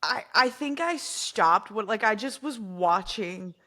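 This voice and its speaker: A woman's voice: medium pitch, lively intonation, slow, bright, forceful tone. A woman co-hosting a casual podcast, giggly and rambling with many fillers. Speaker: podcast co-host. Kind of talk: casual chat.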